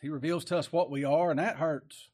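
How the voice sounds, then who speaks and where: A man preaches in a plain, folksy way, with a voice pitched a little higher than most men's. He reads old-style verses aloud, then breaks them down, climbing to loud emphatic peaks before dropping low and quiet. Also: steady tone, fairly quick. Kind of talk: sermon.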